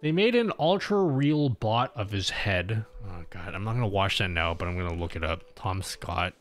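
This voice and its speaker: A young Australian man runs a casual livestream, rambling at his audience, stopping and restarting with many fillers while faint music plays. His pitch is fairly low, and he sounds animated at a normal speed.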